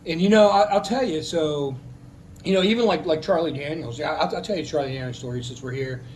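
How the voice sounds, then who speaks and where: A man's voice: a little high, fast, darkish tone, slight background noise, rough recording. A man, a military veteran, telling a personal story in a casual, heartfelt, rambling way, with many restarts.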